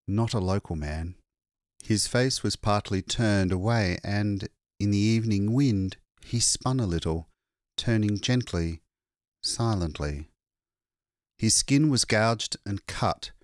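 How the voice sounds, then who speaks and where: A man reading a short story aloud as an audiobook narrator, measured and expressive. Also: lowish voice, dry recording, clean studio sound. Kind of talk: scripted narration.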